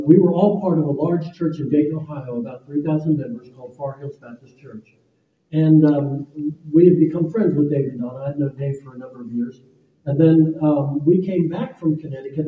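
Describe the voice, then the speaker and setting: A man's voice: on the high side, distant mic. An older man preaching a sermon as pastor, telling stories in an easygoing way with fillers and restarts. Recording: echoey phone-like room sound from afar.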